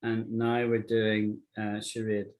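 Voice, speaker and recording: A man's voice: on the low side, monotone, a little mellow. A man from Britain teaching an online English lesson, patiently repeating words to show how they sound. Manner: patient, repeats words slowly to model pronunciation.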